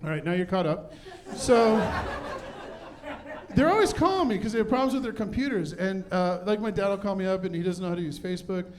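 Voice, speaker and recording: A man's voice: sits high, animated, fairly quick, a little hiss or hum. Self-mocking middle-aged male stand-up. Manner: self-deprecating, punchy delivery. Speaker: stand-up comedian. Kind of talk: stand-up comedy set. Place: comedy club stage.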